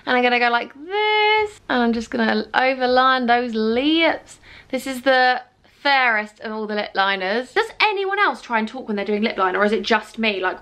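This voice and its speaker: A woman's voice: fairly high pitch, fairly bright tone. A woman in her twenties chatting playfully and teasing herself while doing her makeup. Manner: chatty, playful and self-mocking. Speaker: beauty vlogger. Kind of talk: casual get-ready-with-me chat.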